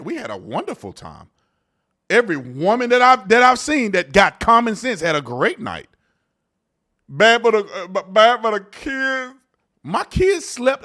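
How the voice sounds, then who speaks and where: Animated man host, mocking and loud. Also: extremely high pitch. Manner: animated, mocking, switches between hushed asides and loud outbursts. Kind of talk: live political commentary show.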